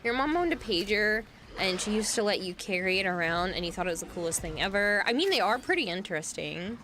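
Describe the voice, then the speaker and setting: A young woman on a live stream, tired and yawning, chatting casually as she reads her viewers' messages. Her voice sits at an ordinary pitch for a woman. A clear, steady noise hums behind her home microphone. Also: a little fast. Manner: reads chat aloud and muses on technology.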